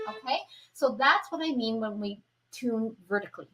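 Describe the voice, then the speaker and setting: A woman's voice: a little high, lively intonation, moderate pace, lo-fi sound, music in the background. A woman violin teacher giving a patient, step-by-step tutorial who keeps checking in with the listener. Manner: patient explaining, checks in with "okay?"; imitates beats with wavering syllables. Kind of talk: instructional tutorial. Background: violin playing.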